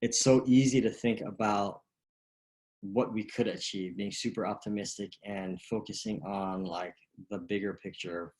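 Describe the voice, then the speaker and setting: A man giving a motivational golf lesson in a casual way, with many fillers and questions. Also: lowish voice. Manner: casual, lots of fillers and "right?" tags. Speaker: golf coach.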